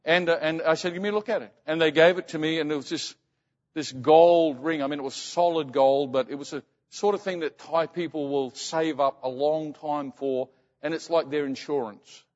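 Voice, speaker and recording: A man preaching as a pastor, telling a story earnestly, often dropping to a hushed, slow voice. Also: a little high, in a large hall, highs cut off. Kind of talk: sermon storytelling.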